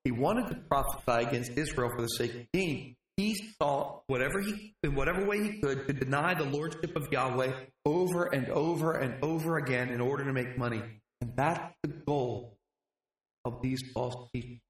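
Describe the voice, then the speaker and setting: A man preaching a sermon, telling a scripture story in an animated way with dramatic pauses. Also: medium pitch, reverberant.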